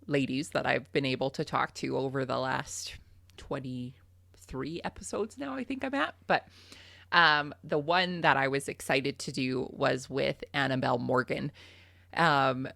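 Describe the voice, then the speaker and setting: Podcast guest: woman with a low, gravelly voice who tells stories with plenty of laughs and ums. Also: no echo, clean studio sound. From Canada. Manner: animated, laughs often, many fillers. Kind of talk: casual storytelling chat.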